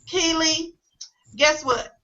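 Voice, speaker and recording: High bright-voiced woman hosting a web call. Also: extremely slow. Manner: upbeat, emotional, encouraging. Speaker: host. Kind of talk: casual online team call. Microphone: video call. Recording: dull lo-fi web call audio.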